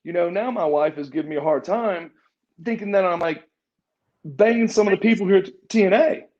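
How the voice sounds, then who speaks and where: Speaking a little fast in a high, slightly mellow voice, a middle-aged man who used to wrestle professionally rambles through a story as an interview guest. He trips over repeated words and acts out other people's lines. The casual shoot interview audio is muffled and lo-fi.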